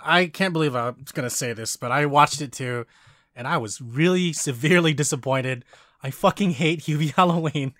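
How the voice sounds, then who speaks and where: Animated, foul-mouthed man in casual chat. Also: a little high, moderate pace, dry recording, studio quality. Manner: animated, swears often, acts out quotes.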